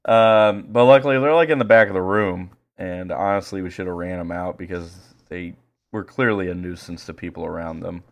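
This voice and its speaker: A man co-hosting a podcast, telling stories in crude, animated casual chat and jumping into high-pitched impressions. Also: normal speed. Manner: profane, animated storyteller doing high impressions. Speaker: podcast co-host.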